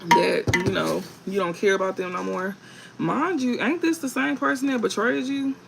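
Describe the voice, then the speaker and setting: Man, tarot reader on a live stream: high voice with a gravelly edge, blunt, cusses freely, laughs a lot. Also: moderate pace, very noisy. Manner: blunt, profane, laughs often; emphatic repetition.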